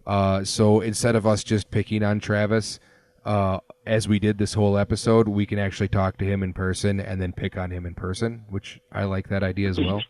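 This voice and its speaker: A man's voice: lowish voice, level tone, fairly quick, darkish tone, no echo. A man in his thirties hosting a casual sports podcast, rambling through stories with plenty of fillers. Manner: rambling storyteller with many fillers. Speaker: podcast host. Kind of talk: casual chat.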